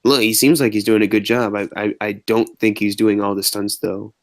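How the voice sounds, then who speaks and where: A young man co-hosting a casual movie chat, excitable and stammering, often repeating his words. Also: lowish voice, normal speed. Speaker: podcast co-host.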